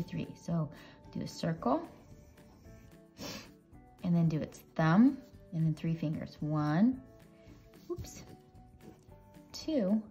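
A woman's voice: on the low side, mellow. A woman leading a casual drawing tutorial, chatting playfully with children as she draws. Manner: chatty, playful, talks to kids while drawing. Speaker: drawing teacher. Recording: dull lo-fi audio with faint music.

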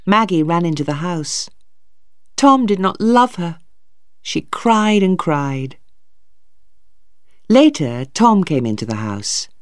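A storybook narrator reads slowly and deliberately for English learners. The pitch stays lively and expressive, and the dry, close recording keeps every word clear. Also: no echo. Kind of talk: slow graded-reader narration for English learners.

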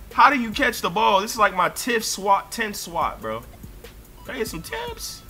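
Young man, gaming commentary, slow unhurried delivery, animated pitch, excitable and foul-mouthed. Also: soft background music. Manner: excitable, profane ranting with sudden shouts. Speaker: gaming streamer. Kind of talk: live gameplay commentary.

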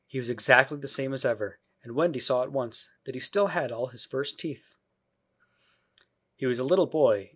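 A male audiobook narrator with a mid-range voice reads a children's classic in measured, even, scripted narration.

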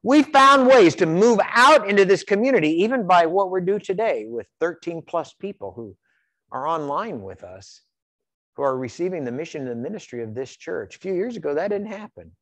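A man from Iowa preaches in a church, spinning folksy personal stories. His pitch swings widely as he tells them. The sound is dry and close. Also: moderate pace, no room sound. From Iowa, USA. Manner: folksy storytelling, animated, repeats words. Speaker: pastor. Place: church sanctuary.

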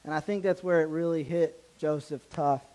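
In a church, a pastor with a higher-than-usual voice preaches a sermon, telling the story casually and with animation while stumbling and restarting. His intonation is fairly even, his tone warm, his speed normal, and the recording low quality.

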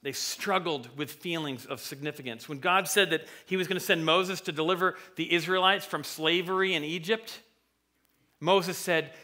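Male pastor, bright and forceful tone, slightly high, animated conversational sermon. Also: unhurried. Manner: animated, conversational, acts out voices from stories. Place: church sanctuary.

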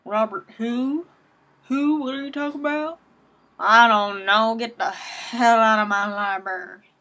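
A woman's voice: a little high, fairly even intonation, sharp tone. A woman voicing a dim, rude small-town librarian with a put-on Southern American accent, blunt and hostile. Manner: blunt, hostile, slow-witted.

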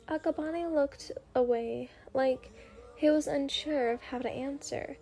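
A woman narrating a story in a gentle, unhurried ASMR reading. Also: high-pitched. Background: faint music.

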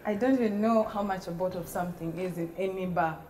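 A woman's voice: on the low side, fast talker, a crowd in the background. A woman, co-hosting a podcast in casual, teasing chat and laughing often. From Uganda. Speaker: podcast co-host.

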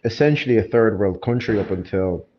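A man's voice: fairly low pitch, expressive, fairly quick. A fighter chatting as a podcast guest, laid-back and laughing easily, often repeating words as he restarts his sentences. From Ireland. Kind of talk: casual podcast chat. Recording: dull lo-fi sound with faint noise.

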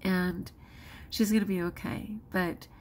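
A schoolteacher and vlogger, a woman, tells a personal story out of breath, expressive and dramatizing quotes with big jumps in pitch. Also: a little slow, slight background noise.

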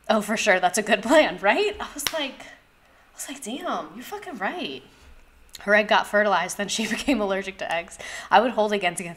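A woman's voice: mid-range voice, fairly bright tone. A young woman chatting casually on a livestream, candid and profane, laughing often. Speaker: streamer.

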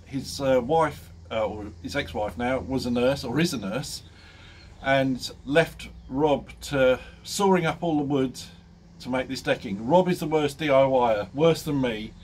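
A man's voice: mid-range voice, a little slow, a little hiss or hum. A man vlogging casually, telling a funny story with lots of ums and laughing often. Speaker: motorcycle vlogger.

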